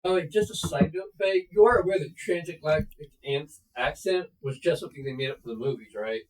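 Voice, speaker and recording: A man's voice: on the high side, fairly quick, darkish tone, reverberant, poor audio. A man playing a tabletop game, teasing the others bluntly and arguing his plans. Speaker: player. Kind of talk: casual tabletop play.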